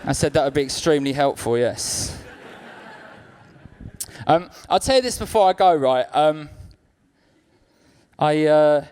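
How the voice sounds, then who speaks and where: Young male stand-up, slightly high pitch, deadpan storyteller who voices others' lines, live club mic. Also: clear, resonant tone. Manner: acts out others' lines in quick-switching voices. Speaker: stand-up comedian. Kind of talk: stand-up comedy set. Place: comedy club stage.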